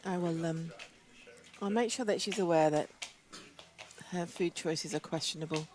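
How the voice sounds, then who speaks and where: A British woman commentating live poker hands, chatty and quick to laugh, with a headset mic in a casino booth. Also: fairly low pitch, a little mellow. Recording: crowd chatter behind.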